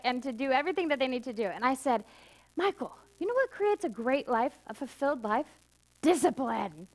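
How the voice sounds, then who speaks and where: A middle-aged woman preaching to her congregation in a relaxed, conversational way, her slightly high voice climbing when she presses a point. She slips between lifted emphasis and quiet, heartfelt asides. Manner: conversational storytelling, swinging from emphatic highs to soft intimate lows. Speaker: minister. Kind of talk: sermon.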